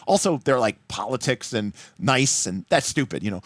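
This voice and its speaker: A man's voice: medium pitch, expressive, moderate pace, hardly any pauses, no room sound, clean studio sound. A man teaching a tabletop role-playing game on a livestream, talking casually and enthusiastically, wandering into asides and acting out quoted lines.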